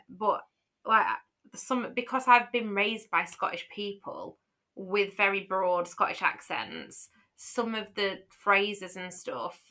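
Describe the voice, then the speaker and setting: A woman's voice: medium pitch, pushed and bright. A woman with a light Yorkshire accent, co-hosting a podcast and chatting casually, rambling with plenty of fillers and restarts. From Yorkshire, England. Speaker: podcast co-host. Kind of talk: casual chat.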